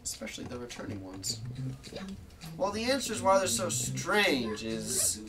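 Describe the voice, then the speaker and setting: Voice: mid-range voice, very animated, measured pace, far from the mic, a crowd in the background. A person chatting casually while playing a video game, wondering aloud and often saying "like". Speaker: game commentator. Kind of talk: casual let's-play chat. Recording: voice set back from the mic over game music. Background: game music.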